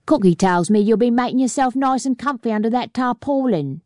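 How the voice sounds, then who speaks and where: A woman's voice: fairly high pitch, expressive, a little fast, darkish tone, dry recording, clean studio sound, voice pushed up, close to an everyday voice. A woman voicing a sly, gossiping male Londoner who taunts.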